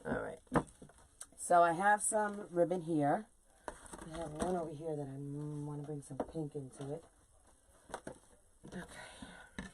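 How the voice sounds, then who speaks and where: A woman's voice: low voice, slow pace, long pauses, a little hiss or hum. Chatty woman crafting on a live stream. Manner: chatty, animated, talks to viewers while working. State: sore legs from standing. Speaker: wreath designer hosting a live stream. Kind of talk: casual chat while crafting on a live video.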